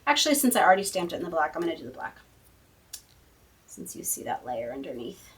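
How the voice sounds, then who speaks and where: A woman's voice: low voice, very animated, quick pace, breathy edge, far from the mic. Woman, craft tutorial host, chatty, thinking aloud, home craft room, desk mic. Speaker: card-making tutorial host. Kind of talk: casual crafting demonstration.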